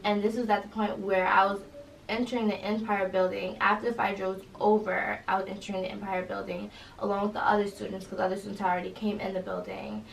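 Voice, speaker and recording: A young woman, a college student, recounting an incident in an interview, halting and full of fillers. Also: mid-range voice, level tone, vocal fry. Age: young adult. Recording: roomy echo, distant mic, faint noise.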